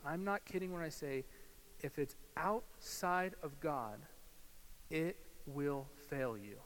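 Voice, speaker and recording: Animated male pastor in a reverberant hall. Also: a little high. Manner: animated, swings from loud emphasis to hushed guided imagery. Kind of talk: sermon. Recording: hall reverb with faint hiss.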